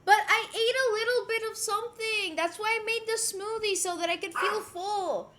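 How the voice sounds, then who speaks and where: A woman's voice: extremely high pitch, moderate pace, bright, forceful tone, a little hiss or hum. A woman live streamer at home, chatting casually, reading chat messages aloud and cooing at her pet. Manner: coos and teases her pet between comments.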